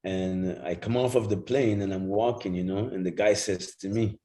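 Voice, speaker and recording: A middle-aged man, a guest telling animated stories in casual chat and acting out other voices. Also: sits low, moderate pace. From Jamaica. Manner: animated, acts out quoted voices, swears freely.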